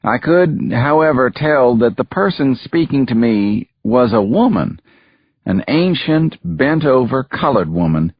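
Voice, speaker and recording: A man narrating an audiobook in the first person, measured and grave. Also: mid-range voice, big pitch swings, husky, no echo. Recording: dull, muffled dry recording.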